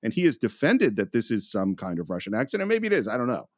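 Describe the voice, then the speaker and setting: A male podcast co-host talks about a film in a casual, enthusiastic way. His voice is animated and rises and falls freely. The close mic keeps the sound dry. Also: lowish voice, fast, dry recording.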